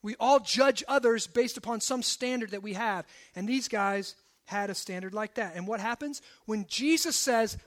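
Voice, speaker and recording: A male pastor preaching a sermon to his congregation, swinging between forceful emphasis and hushed low asides. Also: normal speed. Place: church service.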